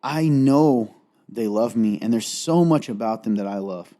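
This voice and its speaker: Unhurried and animated, this co-host speaks in a warm, mid-range voice. In the candid faith-based conversation he rambles earnestly, tearful and near crying.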